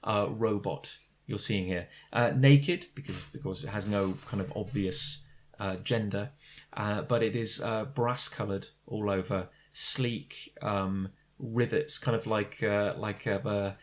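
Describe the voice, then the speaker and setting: A man with a fairly low voice runs a tabletop role-playing game. He describes each scene in a loose, rambling way, stopping often on fillers and restarting his sentences as he narrates for the players. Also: fairly even intonation, a little slow. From Britain. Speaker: game master.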